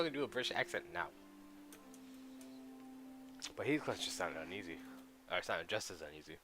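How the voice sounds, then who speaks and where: A man with a low voice plays through a story game. His tone is bright and forceful. He reads the characters' dialogue aloud in their voices and reacts with quick exclamations. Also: lively intonation, faint music behind. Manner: voices the game's characters while reading dialogue. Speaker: let's player.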